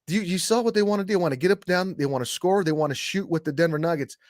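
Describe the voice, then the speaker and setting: Male co-host talking sports, rambling and repetitive, slightly high pitch, dry recording. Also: fast, dry recording. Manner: rambling, many restarts and repeats. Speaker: podcast co-host, middle school coach. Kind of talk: casual sports talk.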